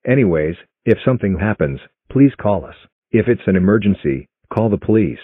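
A strict, businesslike father laying down rules, as a man voices him. His voice sits very low and husky. The audio is tinny and dry. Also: big pitch swings, a little fast, no echo. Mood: stern.

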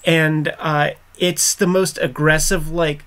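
A slightly higher-voiced man from Pittsburgh, hosting a casual chat about comics. His manner is laid-back and jokey, with a crude streak. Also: takes it slowly, hardly any pauses, fairly bright tone. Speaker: host.

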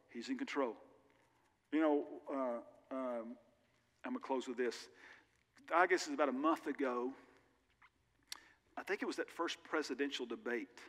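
A man's voice: mid-range voice, a bit bright. A male pastor preaching a sermon in an earnest, conversational way with candid personal asides, recorded in a church sanctuary. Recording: long reverb of a large church hall.

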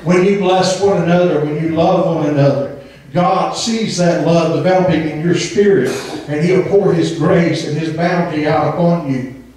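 High-voiced preacher with a twang. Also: male voice, moderate pace, a little mellow. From Southern Indiana. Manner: fervent, emphatic preaching with frequent amens, breaking into sung phrases. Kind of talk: sermon. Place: church sanctuary. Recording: echoey church hall from far off.

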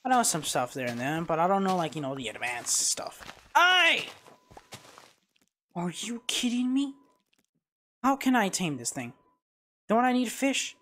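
A man streaming a casual let's-play, with a voice that leaps up and down as he reacts. He jumps from muttering to loud yelps at whatever happens on screen. Recorded on a home streaming mic. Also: high-pitched, normal speed. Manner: excitable, reacts loudly to the game. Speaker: gaming streamer.

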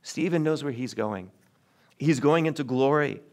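A man preaching a sermon in a church, earnest with wry asides and swings of pitch. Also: moderate pace, darkish tone. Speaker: pastor. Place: church sanctuary.

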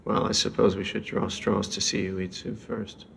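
In a TV drama, an actor plays a playful, cocky police consultant, talking in a teasing, breezy, coaxing way. His voice is fairly low, gravelly and fairly bright, with little pitch movement and normal speed. It sounds like a large hall, with slight background noise and faint film score music.

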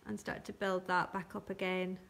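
A woman teaching colouring and shading on a live stream, talking gently step by step and thanking viewers by name. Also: fairly low pitch, level tone, moderate pace, vocal fry, a little hiss or hum. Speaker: craft tutor.

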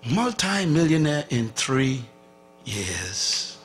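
A man preaching a sermon, telling a story with lively acted-out dialogue and sudden drops from loud to hushed. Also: fairly high pitch, unhurried, gravelly, pauses often, slight background noise. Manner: animated, acts out dialogue, swings from loud to hushed.

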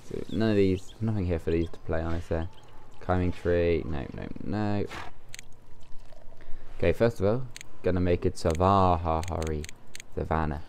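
Deep gravelly male gamer. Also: moderate pace, mellow, slight background noise. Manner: rambling, thinks aloud while playing. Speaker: let's play gamer. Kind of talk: casual gameplay commentary.

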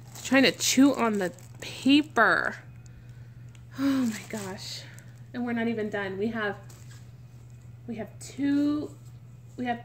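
Brief: excitable woman vlogger, higher voice, unhurried delivery, faint background hiss. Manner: gushing, excitable. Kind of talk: casual unboxing chat.

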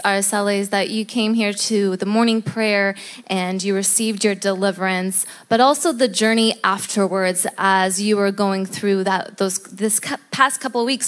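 A woman's voice: medium pitch, a bit bright. A woman interviewing a guest at church, speaking emphatically and preacherly, punctuating her points with amens. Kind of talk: faith testimony interview.

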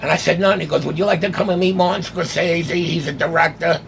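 An older New man with a deeply gravelly, rough voice spins a casual story, jumping into the voices of the people in it. He sits a little high in his register, and a faint hum of room ambience sits under him. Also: fast talker. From New York City. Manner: animated, acts out quoted dialogue. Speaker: guest, autograph collector.

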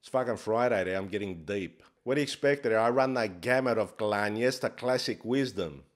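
Cocky aussie guru guy swearing and preaching fake wisdom, lowish voice, a man hamming it up. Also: fairly quick, close to an everyday voice. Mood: swaggering. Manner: crude swearing, swaggering, mock-profound. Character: brash Greek-Australian life coach man, crude and cocky. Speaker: comedy character host. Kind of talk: comic monologue to camera.

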